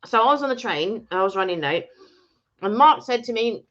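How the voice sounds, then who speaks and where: A woman's voice: a little high, expressive, moderate pace, fairly bright tone. A woman co-hosting a casual live chat from home, chatty as she greets viewers and adds asides. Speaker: co-host of a live chat stream. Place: at home indoors. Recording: slightly dull lo-fi stream audio.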